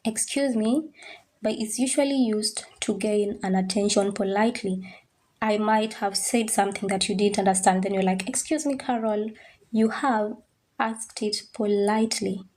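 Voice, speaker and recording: A woman's voice: mid-range voice, steady tone, darkish tone. Patient woman teaching French phrases. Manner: patient, drills pronunciation slowly, checks understanding. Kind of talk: online language lesson.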